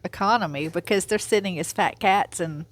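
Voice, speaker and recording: A woman's voice: lowish voice, normal speed. A woman co-hosting a casual chat, eagerly agreeing and asking questions.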